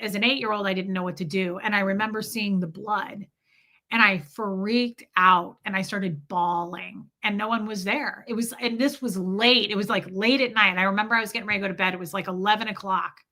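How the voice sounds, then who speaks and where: A woman chats candidly to her live viewers in a loose, rambling storytelling style. Her voice is bright and forward. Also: medium pitch. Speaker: livestream host. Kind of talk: casual storytelling to live chat.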